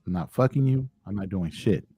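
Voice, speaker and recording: A man's voice: low-pitched, expressive, brisk, vocal fry, mellow, husky. A middle-aged man in casual podcast chat, speaking bluntly and emphatically and swearing freely.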